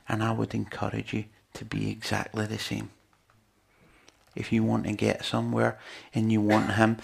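A man's voice: fairly low pitch, vocal fry, husky. A man preaching a sermon in an earnest, conversational way, with lots of rhetorical questions to his listeners.

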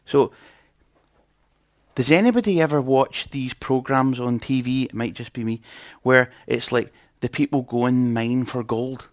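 A man's voice: mid-range voice, a little slow, dry recording, studio quality. A man preaching in a conversational teaching style, chatting and putting questions to his audience.

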